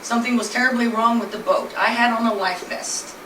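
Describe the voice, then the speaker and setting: A woman's voice: a little high, fairly even intonation, fairly quick. A woman telling her husband's illness story in an earnest, plainly spoken way, speaking from a distance in a noisy, echoey room. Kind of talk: personal storytelling presentation.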